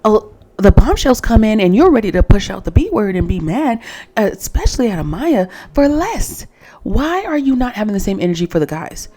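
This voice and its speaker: A woman's voice: mid-range voice, very animated, brisk, warm tone. Opinionated woman recapping reality TV. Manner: opinionated, exasperated, talks straight to the viewer. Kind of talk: casual recap commentary.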